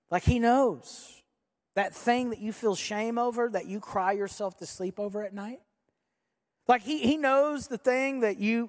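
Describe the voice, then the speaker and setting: A pastor preaching a sermon to a live congregation, talking conversationally and swinging between soft, slow stretches and loud, quick bursts, sometimes leading the crowd in repeating a line. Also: medium pitch. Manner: leads the congregation in repeating lines. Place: large church hall with a live congregation. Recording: long hall reverb.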